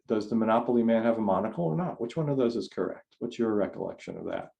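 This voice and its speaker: A man's voice: lowish voice, mellow. A man giving a conversational talk over a video call, rambling and restarting his sentences often. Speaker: speaker. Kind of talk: online forum talk.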